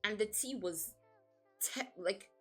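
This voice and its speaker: A woman's voice: mid-range voice, slow pace, slightly rough, faint music behind. A woman streaming as a VTuber, chatting casually in a blunt, profane, playfully dramatic way and laughing often. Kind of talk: casual livestream chat.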